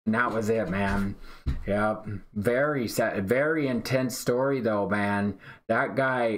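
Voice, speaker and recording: Laid-back rambling man, mid-pitched. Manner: laid-back, drawling, repeats himself and ends lines with "man". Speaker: day-trading live streamer. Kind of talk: casual rambling storytelling on a live stream.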